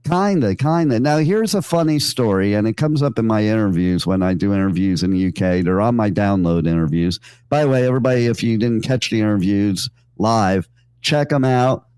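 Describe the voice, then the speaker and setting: A man with a lowish, darkish, smooth voice hosts a radio show from the studio, talking briskly and expressively with no room sound. He tells loose, joking stories on air, rambling along with plenty of fillers and asides.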